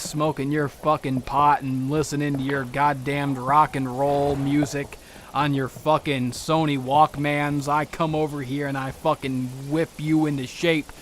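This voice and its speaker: A man's voice: a little high, fairly bright tone. Man doing a foul-mouthed ranting Jason. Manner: profane muttering rant, mock-menacing. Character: foul-mouthed ranting male slasher killer.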